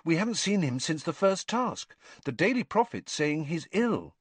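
A man's voice: on the high side, big pitch swings, normal speed, slightly rough, dry recording, pitched above the performer's own voice. A man voicing an earnest, friendly teenage boy hero in a storybook reading. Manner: earnest, sometimes muttering.

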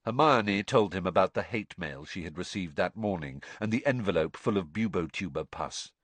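Man reading a story aloud, low lively voice, dry close sound. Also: moderate pace, no room sound. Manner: expressive storytelling. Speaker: narrator. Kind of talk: audiobook reading.

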